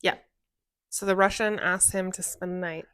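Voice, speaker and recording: A woman with a fairly low voice talks through a show in relaxed co-host chat. She strings thoughts together with "like" and keeps things loose and conversational. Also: normal speed, clear, resonant tone. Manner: chatty, leans on "like", acts out characters' lines. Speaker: co-host reviewing a TV series. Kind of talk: casual conversational review.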